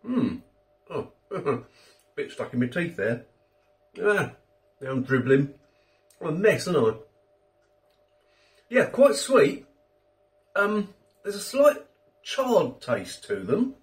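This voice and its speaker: Chatty British man with a lively voice. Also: on the high side, slow, pauses often, far from the mic. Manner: chatty, self-deprecating, rambling asides. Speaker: food reviewer, channel host. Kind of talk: casual chat food review.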